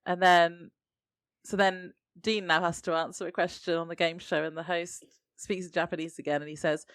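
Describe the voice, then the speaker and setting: A woman co-hosting a podcast, narrating the plot of a TV episode in a steady, chatty way. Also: lowish voice, normal speed, smooth, no echo. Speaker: podcast co-host. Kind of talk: casual chat recapping a TV episode.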